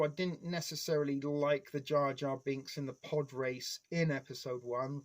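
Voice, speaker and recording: A man's voice: mid-range voice, fairly even intonation, moderate pace. Rambling, foul-mouthed man live-streaming. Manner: rambling, heavy swearing; nostalgic fan enthusiasm. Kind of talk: casual live-stream chat.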